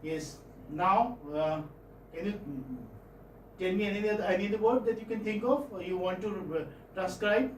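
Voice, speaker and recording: A man with an Indian English accent teaching phonetics in a classroom, often repeating words and checking with his students. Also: high-pitched. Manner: pauses often, repeats words, checks understanding with "hmm?" and "okay?". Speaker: English professor. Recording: echoey room from far off, faint noise.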